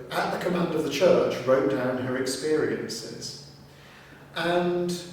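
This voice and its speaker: A man speaks as a deacon in an interview, telling his story in an unhurried way with pauses. His voice sits back from the microphone. The large room around him rings with heavy echo, and there is a faint hiss underneath. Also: medium pitch, a little mellow, distant mic. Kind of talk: conversational interview. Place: large reverberant room in a seminary. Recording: very echoey room, voice off-mic, faint noise.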